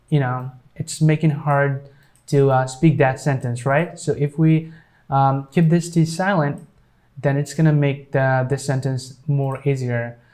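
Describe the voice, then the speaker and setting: A man's voice: on the high side, a little mellow. A man teaching English pronunciation, explaining with many fillers and repeating example sentences. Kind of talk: pronunciation lesson.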